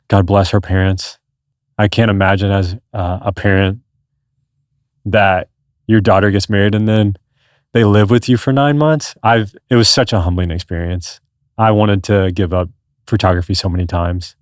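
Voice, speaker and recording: A man's voice: fairly low pitch, steady tone, moderate pace, a little mellow, dry recording, clean studio sound. A man in his thirties, a podcast guest, telling his story in an earnest, rambling conversational way. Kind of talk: casual conversation.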